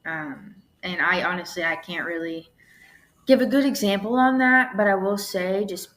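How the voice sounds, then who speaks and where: Bright-voiced young woman podcaster, swearing. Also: medium pitch, moderate pace. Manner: chatty, swears freely, lots of "like" and "you know". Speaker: podcast host. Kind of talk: casual solo podcast monologue.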